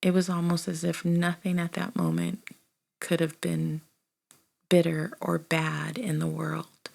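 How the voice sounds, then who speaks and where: Woman in her 30s telling her own story, low gravelly voice, lots of ums, kinda whispery. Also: flat delivery, a little slow. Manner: conversational, many fillers, soft half-whispered delivery. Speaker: author reading and reflecting on her book. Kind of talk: casual spoken memoir reading.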